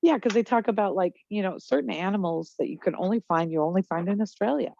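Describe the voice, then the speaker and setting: Woman co-host, rambling and chatty, lower pitch, dry room. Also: fast, gravelly, dark tone, no room sound. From Pacific Northwest of the US. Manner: rambling, hesitant, laughs often. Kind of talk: casual chat. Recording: dull, muffled dry audio.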